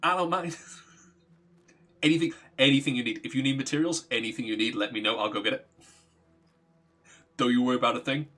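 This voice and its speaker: A man's voice: medium pitch, fairly quick, pauses often, fairly bright tone, close to an everyday voice. A man doing a bored, cheery immortal killer. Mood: chatty. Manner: casual, playful, offhand.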